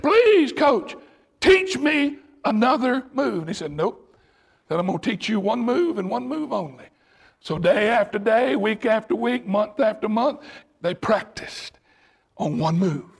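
Preacher guy, real high husky voice, shouts a lot mid-sermon. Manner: shouting, storytelling with sudden bursts.

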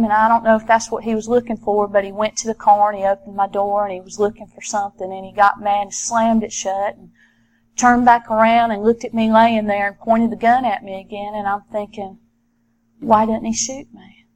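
A middle-aged woman recounts her own experience as a former police officer, speaking earnestly and often restarting her sentences. Her voice sits a little on the high side. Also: low-quality recording. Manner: earnest, halting with frequent repeated starts. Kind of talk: personal testimony storytelling.

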